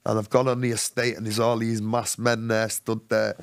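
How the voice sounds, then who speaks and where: A podcast guest tells his own story in a storytelling interview, using casual street slang and animatedly acting out others' voices. His voice is on the low side, at normal speed, with vocal fry.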